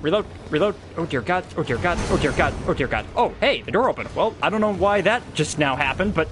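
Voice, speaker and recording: A young man commentating a horror game with a high, very lively voice. He swears often and yelps when startled, and faint music plays under his talk. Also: quick pace. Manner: excitable, profane, yelping reactions. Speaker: gameplay streamer. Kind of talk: live gameplay commentary.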